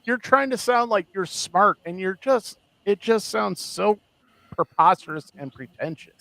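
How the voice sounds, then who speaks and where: Man, podcast co-host, casual chat, animated, laughing, slightly high voice, dry close sound. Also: measured pace, gravelly, no echo, low-quality recording. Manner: animated, laughing often, mock quotes.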